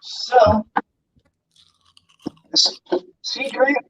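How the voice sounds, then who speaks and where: A man's voice: extremely high pitch, steady tone, extremely slow, fairly bright tone, a little hiss or hum. A man ranting angrily and profanely as co-host of an online talk show, speaking from his bedroom. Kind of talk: angry political rant. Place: bedroom at home. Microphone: distant from mic. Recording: dull lo-fi audio.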